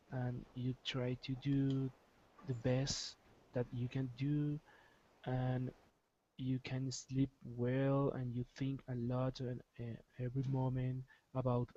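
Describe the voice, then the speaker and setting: A man student in an English lesson, answering hesitantly and searching for his words with many pauses. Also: mid-range voice, dark tone, dull audio, a little hiss or hum. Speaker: language student. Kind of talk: answering in class.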